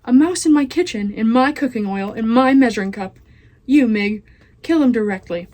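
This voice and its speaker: A woman's voice: medium pitch, brisk, darkish tone, natural voice. A teenage girl reading aloud, voicing a brusque, bossy female cook in a storybook. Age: teens. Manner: brusque, commanding.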